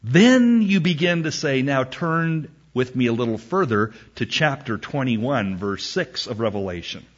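A man preaching a sermon, reading scripture slowly with emphasis and acting out a back-and-forth exchange. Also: medium pitch, lively intonation. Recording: dull lo-fi recording.

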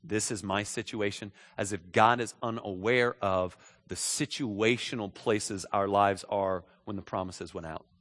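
In an echoey church hall, a male pastor preaches in a fairly low, slightly bright, steady voice, unhurried and with few pauses. He speaks conversationally, repeating phrases as he checks in with listeners.

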